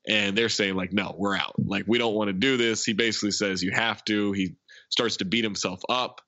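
A man hosts a casual podcast, retelling a film's scenes as a chatty storyteller. His voice is bright and forceful. The recording is dry and slightly dull. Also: lowish voice, fairly even intonation, a little fast, no echo. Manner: chatty storyteller, acts out quotes. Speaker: podcast host. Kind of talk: casual movie recap.

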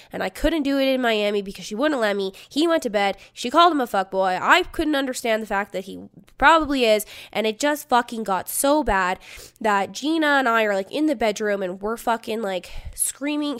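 Woman, 30s, podcast host, casual storytelling, profane, acts out quotes, slightly high voice.

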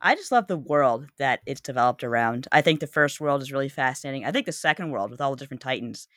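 A woman's voice: rumbling low, lively intonation, fast, a bit bright, no echo, clean studio sound. A woman co-hosting a casual podcast about games, talking eagerly and often restarting her sentences mid-thought. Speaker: podcast co-host. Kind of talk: casual enthusiastic game chat.

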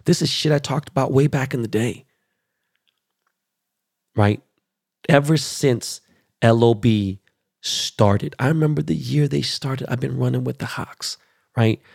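A man in his forties from Los Angeles, ranting about sports in a blunt, profane, excitable way as a show host. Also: medium pitch, unhurried, gravelly, long pauses, husky, no echo, studio quality. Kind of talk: casual sports rant.

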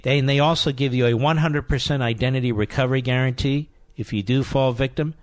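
An emphatic male talk radio host at an ordinary pitch, speaking into a close, dry studio mic. He hammers his points home and repeats key phrases for weight, whether he is taking calls or reading a sponsor spot. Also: fairly even intonation, fairly quick, no echo.

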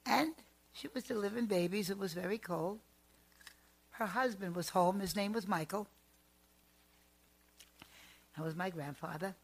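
A woman who works as a psychic, telling family stories in a chatty, animated and emphatic way. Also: mid-range voice, a little slow, long pauses, husky. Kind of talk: storytelling monologue.

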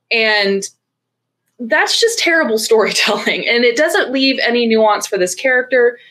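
Woman, casual podcast talk, passionate critic, lively delivery, a bit higher pitch. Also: measured pace. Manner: passionate, animated critique with quoted asides. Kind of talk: casual chat.

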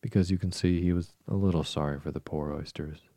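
A man reading the lines of a polite, curious young girl in a calm storybook voice. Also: deep voice, fairly quick, no echo, studio quality. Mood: earnest.

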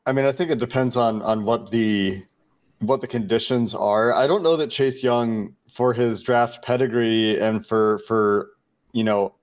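A man co-hosting a sports podcast, talking analytically in long run-on lists with frequent restarts. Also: fairly low pitch. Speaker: podcast co-host. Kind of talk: casual sports podcast chat.

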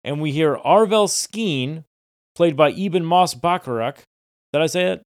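A man's voice: a little high, expressive, measured pace, no echo, clean studio sound. A man co-hosting a podcast, narrating TV scenes in casual chat with filler words and quoted lines. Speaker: podcast co-host.

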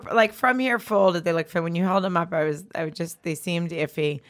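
A woman's voice: lowish voice, fairly quick. A woman co-hosting a podcast in an office studio, chatting casually with a blunt, teasing manner and frequent laughter. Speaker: podcast co-host. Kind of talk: casual chat. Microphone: studio microphone.

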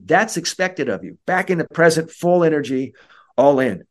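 A man's voice: fairly high pitch, expressive, fairly quick. A man who is a mental skills coach, speaking as a podcast guest and acting out kids' and coaches' voices. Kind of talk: podcast interview.

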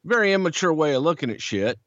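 A man's voice: quick pace, no room sound, muffled recording. A man hosting a podcast, telling an old story in a casual, profane way and acting out what others said. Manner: animated, profane, acts out quotes in a much higher voice. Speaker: podcast host.

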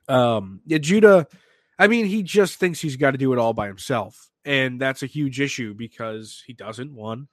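A man hosting a sports podcast, talking in an animated, excitable way with lots of restarts. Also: mid-range voice, normal speed, no room sound. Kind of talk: casual sports talk.

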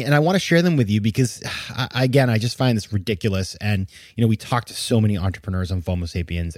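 A man's voice: mid-range voice, a little mellow, no room sound, studio quality. A man hosting a podcast, giving an indignant, emphatic opinion monologue with bursts of incredulous laughter. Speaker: podcast host.

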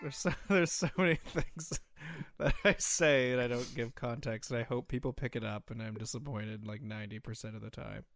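A man's voice: mid-range voice, normal speed, creaky, a bit bright, no echo. A man in casual chat who acts out quotes in a playful mock-dramatic voice.

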